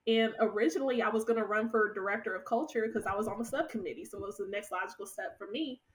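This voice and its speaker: A woman in her thirties telling stories from her work as a podcast guest, animated and laughing often. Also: mid-range voice, fast talker, distant mic, low-quality recording. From United States. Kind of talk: conversational storytelling.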